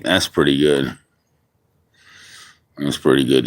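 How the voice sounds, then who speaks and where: A man's voice: deep voice, measured pace, a bit bright. A man who is a father, ranting angrily in a heavily profane monologue, often restarting his sentences. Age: adult father. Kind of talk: angry venting monologue.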